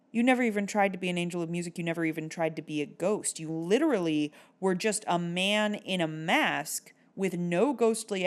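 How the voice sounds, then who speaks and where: A woman giving sardonic, exasperated commentary for a video essay that reviews a film. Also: lowish voice.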